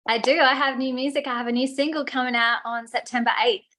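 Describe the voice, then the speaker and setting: Friendly Australian woman, bright laugh. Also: sits high, fairly even intonation, fast talker. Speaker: guest singer. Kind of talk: casual interview chat.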